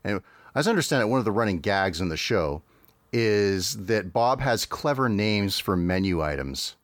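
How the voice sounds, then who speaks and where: A man's voice: on the low side, lively intonation, normal speed, no echo. A man hosting a podcast, recapping a cartoon episode in a dry, wry way with frequent hesitations. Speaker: podcast host.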